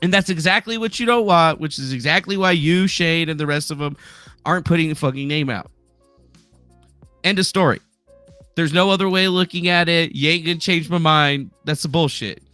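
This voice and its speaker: A man hosting a livestream, ranting in a heated, profane way and swinging into shouting. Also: on the high side, a little fast, clean tone, no room sound, faint music behind. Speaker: livestream host. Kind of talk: angry livestream rant.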